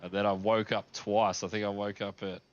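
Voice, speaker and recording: Profane man, low voice. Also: normal speed, dull audio. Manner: animated, profane storyteller. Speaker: sim racing streamer. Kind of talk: casual chat.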